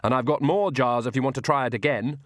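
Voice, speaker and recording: A man's voice: medium pitch, quick pace, fairly bright tone, no room sound, studio quality, close to an everyday voice. A man voicing a feisty young woman witch, earnest and defiant.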